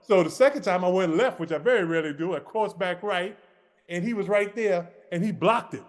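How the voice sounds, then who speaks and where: Man, podcast co-host, casual storytelling, animated quoted dialogue, higher voice, reverberant room. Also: a little fast.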